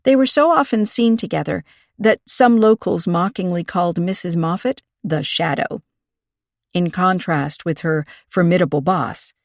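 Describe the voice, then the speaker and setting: A woman's voice: lowish voice, no room sound, studio quality. Woman narrating a cozy mystery audiobook. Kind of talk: scripted narration.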